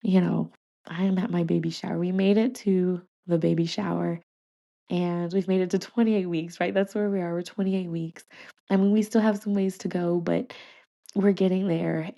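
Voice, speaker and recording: A woman's voice: fairly low pitch, steady tone, normal speed, vocal fry, mellow, dull audio. A woman, hosting a podcast and telling a personal story in a chatty, emotional way, laughing and restarting often. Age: 30s. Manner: addresses listeners as y'all and you guys. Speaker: podcast host.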